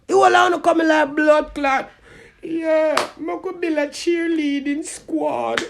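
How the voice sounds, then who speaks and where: Jamaican man, high raspy-edged voice, furious cussing vlog rant, lots of yelling. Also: measured pace, pauses often. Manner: loud, profane, often shouting. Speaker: vlogger. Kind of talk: angry cussing rant to camera.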